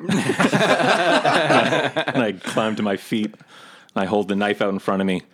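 A man's voice: lowish voice, flat delivery, normal speed. A man playing in a casual tabletop game session, laughing often as he describes his character's actions. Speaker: player.

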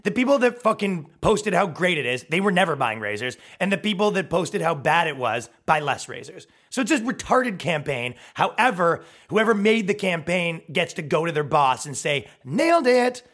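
A man in his thirties holds forth on his podcast in a heated, profane comic rant. His voice sits a bit high and swings widely in pitch. He keeps breaking into quick mocking impressions of other people. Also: sing-song, a bit bright. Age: 30s. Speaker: podcast host.

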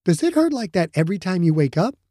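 A man voicing a gentle teasing young woman. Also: high-pitched, sing-song, fast talker, no room sound, clean studio sound, pitched above the performer's own voice. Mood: concerned. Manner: gentle, coaxing. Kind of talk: audiobook narration.

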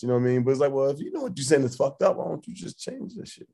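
A man's voice: mid-range voice, lively intonation, very fast, hardly any pauses, darkish tone. A man co-hosting a podcast, rambling through his point with slang and restarts in casual chat. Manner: rambling, many fillers and restarts, slang-heavy. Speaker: podcast co-host.

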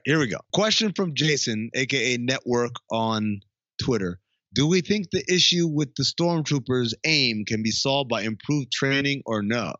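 A man's voice: medium pitch, a bit bright, no echo, highs cut off. A man co-hosting a podcast in a loose, casual chat, swearing freely and laughing often. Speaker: podcast co-host.

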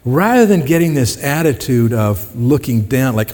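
A man's voice: mid-range voice, sing-song, fairly quick, warm tone, husky. Conversational male pastor in a reverberant hall. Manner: conversational, asks the congregation questions. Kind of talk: sermon.

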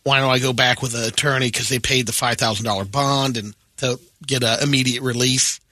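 Male radio sidekick, wry interjections, bright forceful voice. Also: mid-range voice, fairly even intonation, fairly quick, dry recording. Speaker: radio co-host. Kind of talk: casual talk radio banter.

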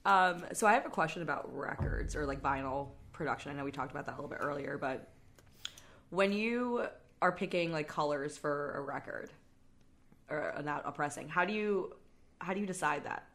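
A woman's voice: sits low, animated, brisk, a bit bright. A woman hosting a casual chat, enthusiastic and asking her guest questions. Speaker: podcast host.

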